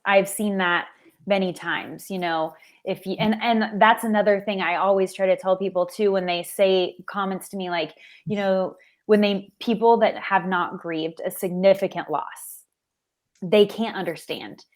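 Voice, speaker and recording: A woman's voice: medium pitch, fairly even intonation, unhurried. A woman hosting an interview, talking earnestly with many "you know" fillers. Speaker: interview host. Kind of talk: conversational interview.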